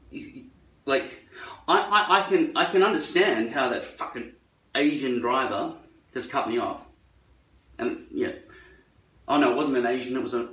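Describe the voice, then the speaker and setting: A man's voice: mid-range voice, pushed and bright. An Australian man talking in a rambling, profane and sarcastic monologue. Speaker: vlogger. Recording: echoey room, far from mic.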